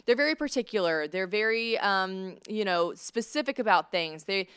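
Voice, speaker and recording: A woman from the American South with a Southern accent, hosting a podcast and telling stories in a chatty, animated way with lots of fillers. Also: mid-range voice, normal speed, smooth. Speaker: podcast host. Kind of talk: casual storytelling chat.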